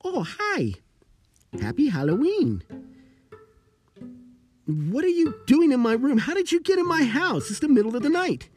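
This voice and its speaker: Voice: high voice, wildly swooping pitch, a little slow, long pauses, a little mellow, faint music behind, full character voice. Someone playing a flustered, indignant sleeper. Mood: alarmed. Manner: exasperated, protesting.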